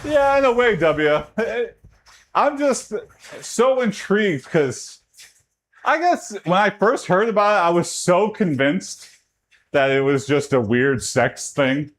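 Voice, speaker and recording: A man from Texas, chatting casually with his livestream chat during a workout. His talk rambles, and his voice jumps up in pitch when he gets excited. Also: takes it slowly. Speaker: streamer.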